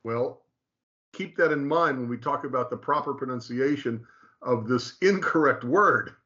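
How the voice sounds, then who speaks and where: Man, mid pitch, emphatic conversational teacher, restates points and keeps checking "okay?", slightly muffled recording. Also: moderate pace, sharp tone. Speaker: teacher explaining Hebrew.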